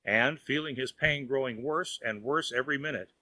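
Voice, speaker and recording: A man narrating a children's audiobook in a lively storytelling manner. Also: mid-range voice, moderate pace, hardly any pauses, no echo.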